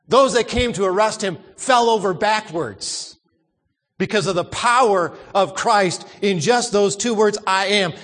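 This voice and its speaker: A man's voice: high voice, long reverb tail. A man preaching a sermon, emphatic, repeating words and asking the congregation questions.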